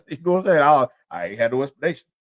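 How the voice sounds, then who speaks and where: Very animated and very fast, with a medium pitch, he hosts a podcast alone. His loose, slang-filled monologue wanders through profane street stories, returning often to "you know what I'm saying."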